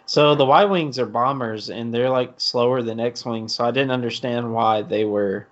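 A man's voice: medium pitch, moderate pace, dull audio. Wisecracking man with a mid-range voice. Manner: wisecracking, laughs often. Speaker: podcast co-host. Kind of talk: casual movie commentary chat.

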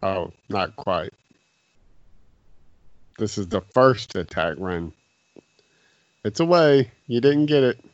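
Low-voiced joking man on a dull line. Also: animated, slow pace, long pauses, dry recording. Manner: joking, laughs often. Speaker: podcast co-host. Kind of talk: casual movie commentary chat. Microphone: remote call, audio cuts out.

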